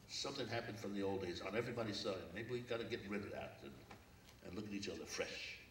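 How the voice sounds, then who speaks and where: Older man, low voice, reflective storyteller, echoey hall, heard from a distance. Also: fairly bright tone, a little hiss or hum. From Brooklyn. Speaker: guest speaker. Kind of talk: public forum talk. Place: lecture hall.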